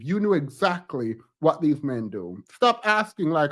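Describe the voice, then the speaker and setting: A man's voice: fairly high pitch, sing-song, unhurried, hardly any pauses, fairly bright tone. A man streaming reaction commentary on reality TV clips, exasperated and ranting, repeating words for emphasis.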